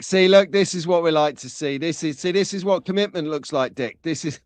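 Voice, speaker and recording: A man's voice: fairly high pitch, a little fast, soft background music. Chatty man hosting a livestream. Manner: chatty, banters with viewers in chat. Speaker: livestream host. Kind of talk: casual live-stream chat.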